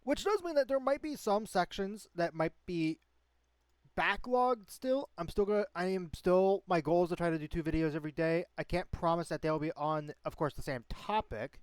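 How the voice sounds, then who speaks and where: Man, stream host, casual chat, rambling, slightly high voice, dry close sound. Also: animated, moderate pace, smooth, dry recording. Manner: rambling, full of fillers and restarts. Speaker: stream host and game master.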